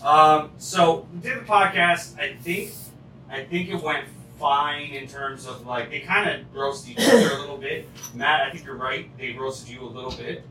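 A man's voice: a little high, moderate pace, sharp tone. A man hosting a podcast, telling stories casually with a lot of laughing and swearing. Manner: laughing often, swearing storyteller. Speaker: podcast host. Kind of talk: casual chat. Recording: echoey room, faint noise, far mic.

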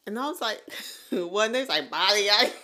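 A woman in her late thirties co-hosts a casual podcast in a bright, forward voice. She laughs often as she tells her stories, acting out the people in them with lively energy. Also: on the high side, fast. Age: 30s. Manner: laughs often, animated storytelling. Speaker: podcast co-host. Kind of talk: casual chat. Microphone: USB condenser microphone.

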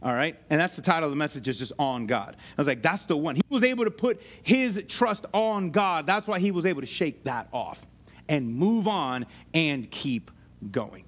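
A man preaching a sermon, animated and conversational, with casual slang and asides to his congregation. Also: fairly high pitch, normal speed. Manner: conversational, uses slang like "ain't" and "dude". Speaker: pastor.

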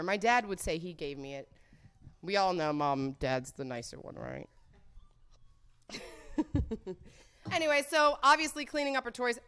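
A woman's voice: mid-range voice, pushed and bright. A woman hosting a comedy show, rambling through a casual, profane, joking monologue. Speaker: host of a comedy show about sex.

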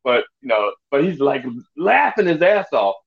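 A man's voice: on the high side, big pitch swings, moderate pace, gravelly, lo-fi sound. A male comedian telling stories in casual podcast chat, swearing freely and restarting his sentences often. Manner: rambling storyteller, swears freely, many restarts. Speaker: comedian guest.

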